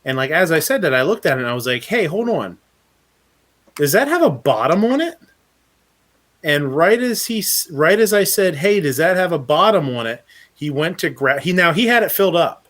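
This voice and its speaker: A man's voice: fairly high pitch, expressive, a little fast, few pauses, fairly bright tone. A man hosting a casual live chat, telling a rambling story full of swearing and laughter. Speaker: podcast host.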